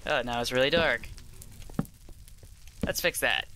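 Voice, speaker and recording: A man's voice: medium pitch, measured pace, noisy background. A young man giving casual, self-deprecating commentary as he plays, thinking aloud as he goes. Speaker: let's play host. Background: game music.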